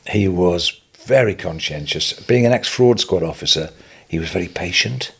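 Husky older man telling lively stories. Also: deep voice, normal speed. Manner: animated anecdotal storytelling, chuckling. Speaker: podcast guest, retail businessman. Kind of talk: storytelling interview.

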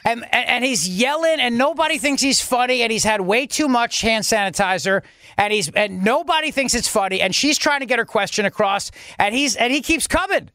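A man's voice: extremely high pitch, lively intonation, a little fast, sharp tone, no room sound. A male talk radio host ranting in a sarcastic, indignant voice into a studio microphone. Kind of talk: opinionated talk radio commentary.

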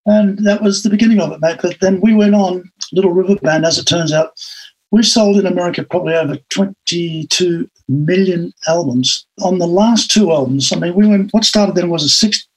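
Older Aussie male interview guest, husky and slightly high, an animated storyteller. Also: normal speed, poor audio. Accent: Australian. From Australia. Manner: animated anecdotal storytelling with acted-out quotes.

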